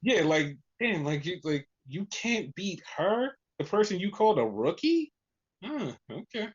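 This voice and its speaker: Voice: medium pitch, a little slow, husky, lo-fi sound. A podcast host recapping in casual chat, swearing freely and acting out quotes. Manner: profane, animated retelling with voiced quotes.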